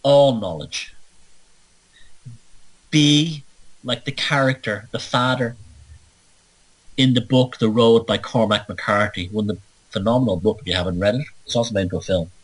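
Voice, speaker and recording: A man's voice: fairly low pitch, moderate pace, long pauses, husky, poor audio. A man hosting a monologue podcast, ranting emphatically with sardonic, playful asides. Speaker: show host.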